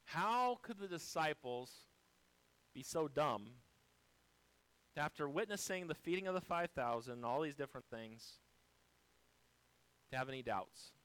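A male pastor preaching a sermon, swinging from quiet, low passages to loud, high-pitched exhortations. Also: animated, a little slow, long pauses, clear, resonant tone, low-quality recording.

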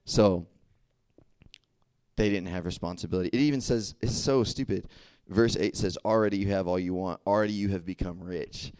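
Low-voiced young man preaching casually. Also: normal speed, clear, resonant tone, dry recording. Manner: animated storytelling, acts out dialogue, frequent "right?" and "okay?". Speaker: youth preacher. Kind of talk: casual sermon.

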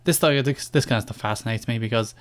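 A man's voice: medium pitch, fast. Chatty Irish man rambling on a podcast. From Ireland. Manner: rambling, chatty, self-deprecating asides. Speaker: podcast host. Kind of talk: casual solo podcast monologue.

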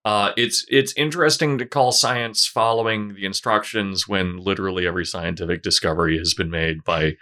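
Bright-voiced laughing podcast man. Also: low-pitched, steady tone, fairly quick, hardly any pauses. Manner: laughing, rambling, sarcastic. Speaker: podcast host. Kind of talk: casual podcast chat.

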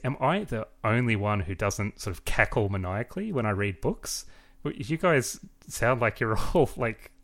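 A man co-hosting a book club podcast in casual chat, talking in a thoughtful, measured way with hedging pauses. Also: mid-range voice, a bit bright.

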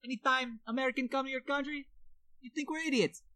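Woman co-host, comedy podcast; brash, mocking, high voice. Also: fast, sharp tone. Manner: brash and mocking, exaggerated outrage. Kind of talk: mock trash-talk comedy podcast.

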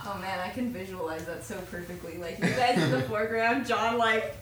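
A woman playing a tabletop game, animated and laughing as she talks. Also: medium pitch, moderate pace, few pauses. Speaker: player. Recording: echoey room, distant mic, chatter behind.

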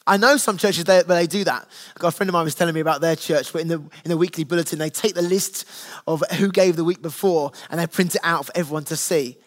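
A man's voice: fairly high pitch, quick pace. A man preaching a conversational sermon to his church, earnest and plain-spoken, with stories from his family table. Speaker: pastor.

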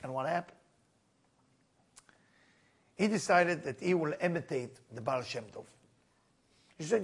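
A man telling a spiritual story as a lesson in broken, non-native English, with lively asides to his listeners. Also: a little high, measured pace, long pauses, breathy edge. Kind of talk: storytelling sermon.

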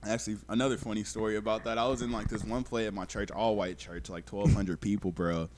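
A man's voice: lowish voice, steady tone, fast, noisy background. A young man, a podcast guest, telling stories in a laid-back, slangy, casual way. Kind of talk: casual chat, storytelling.

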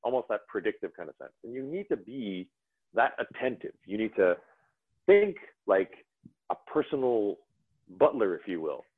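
A man talking casually as a podcast guest, animated and rambling with restarts. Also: lowish voice, normal speed, breathy edge, dry recording. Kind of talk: casual conversation. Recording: dry, phone-like narrow sound.

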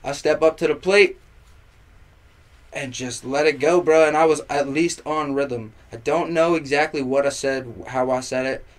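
Animated, foul-mouthed young man telling stories. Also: on the high side. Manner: animated, profane, fast-shifting storyteller full of fillers. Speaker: podcast guest, rapper. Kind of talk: casual storytelling chat.

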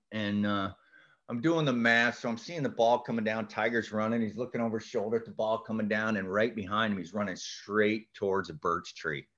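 A man telling a story as a podcast guest, lively, acting out the voices and shouting the punchlines. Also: on the low side, dull audio. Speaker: podcast guest, golf instructor. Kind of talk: animated storytelling.

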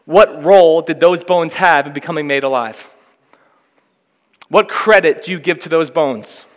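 A man's voice: a little high, unhurried. A man preaching a sermon, reading scripture aloud and then explaining it with rising emphasis. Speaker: pastor. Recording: long reverb of a hall.

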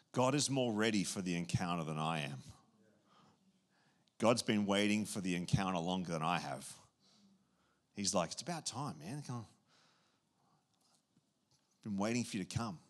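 A man preaching a sermon as pastor, talking in an animated, excitable way with quick restarts and chatty asides. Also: deep voice.

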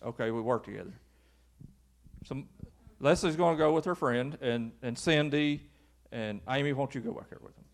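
A man's voice: medium pitch, normal speed, pauses often. A male pastor preaching a folksy sermon to his congregation in church. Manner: folksy, acts out quoted voices.

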